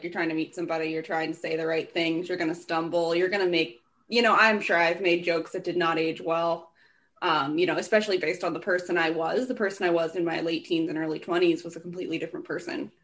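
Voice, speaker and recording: A woman's voice: sits low, fairly even intonation, fast, fairly bright tone. A young woman co-hosting a podcast, talking casually and filling her speech with "like". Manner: chatty, many "like" fillers. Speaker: podcast co-host. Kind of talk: casual chat.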